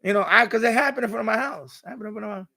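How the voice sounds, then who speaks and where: Brief: chatty live-stream host, high pitched with a raspy fry, gossipy and animated. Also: male voice, very fast. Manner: animated, laughs often, gossipy. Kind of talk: casual storytelling.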